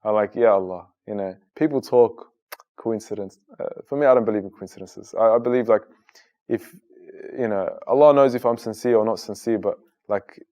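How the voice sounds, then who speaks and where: A man's voice: on the low side, brisk, mellow, lo-fi sound. A man in his thirties, a guest in an interview, telling his personal story in an earnest, conversational way with lots of casual fillers. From Australia. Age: 30s.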